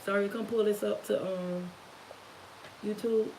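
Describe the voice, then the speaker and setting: A woman's voice: medium pitch, steady tone, mellow, slight background noise, low-quality recording. Nervous, earnest woman live-streaming. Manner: halting and earnest, with many restarts. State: nervous, holding back tears. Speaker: YouTuber. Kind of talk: emotional live-stream talk.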